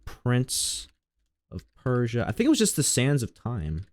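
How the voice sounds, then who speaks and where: A man's voice: medium pitch, huge pitch swings, measured pace, darkish tone. A young man chatting casually while he streams a game, rambling and mocking his own mistakes. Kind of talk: casual gameplay commentary.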